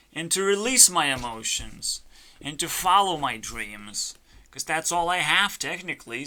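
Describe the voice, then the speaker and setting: A man's voice: medium pitch, pushed and bright. A man rambling in a profane, erratic monologue, his volume swinging up and down as he rants. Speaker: vlogger.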